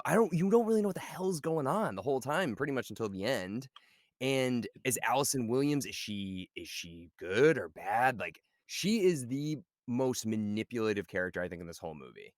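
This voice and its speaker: A man's voice: mid-range voice, dry recording, clean studio sound. A man co-hosting a podcast, chatting eagerly about a film and saying "dude" often. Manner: enthusiastic, says "dude" a lot. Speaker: podcast co-host. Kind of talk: casual chat about a film.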